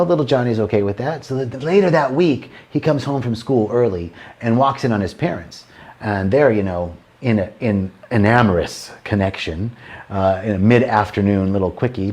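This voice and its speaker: A man's voice: medium pitch, darkish tone. A man telling jokes live to an online audience in a loose, rambling way. He restarts his sentences, trails off, and laughs at his own punchlines as he goes. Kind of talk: casual joke-telling on a livestream.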